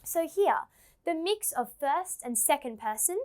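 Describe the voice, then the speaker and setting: A woman with an Australian accent, narrating a scripted English lesson and explaining clearly. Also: high voice, lively intonation, moderate pace, fairly bright tone. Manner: explains clearly, reads quoted extracts aloud. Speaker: English teacher.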